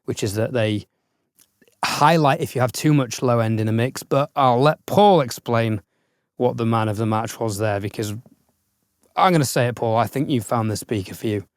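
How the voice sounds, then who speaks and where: A man's voice: mid-range voice, normal speed, no echo. Guy on a podcast, mid voice, dry teasing, super dry mic. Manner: dry, teasing asides, then steady explaining. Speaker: podcast co-host. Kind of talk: casual podcast chat.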